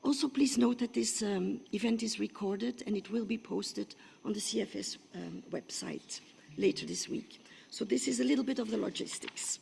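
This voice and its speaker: A woman with a rough, hoarse voice moderating a conference session, her speech hesitant and full of fillers. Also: medium pitch, normal speed, darkish tone, a little hiss or hum. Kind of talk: opening remarks at a conference side event. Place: large conference room. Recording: long reverb of a large hall.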